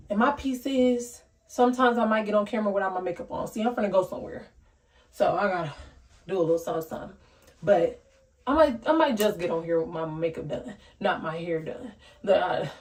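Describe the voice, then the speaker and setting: A young woman talks straight to her viewers in a candid, unfiltered vlog, saying exactly what she feels. Her pitch sits in an ordinary middle range, and her voice lands a little distant from the mic. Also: a little mellow. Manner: blunt, candid, heartfelt ranting. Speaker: vlogger. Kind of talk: casual talk to camera.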